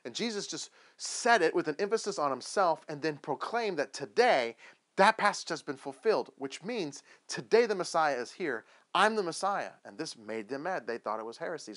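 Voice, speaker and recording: Male pastor, animated sermon storyteller, lively up-and-down delivery. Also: mid-range voice. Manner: animated storytelling, acting out biblical voices with questions.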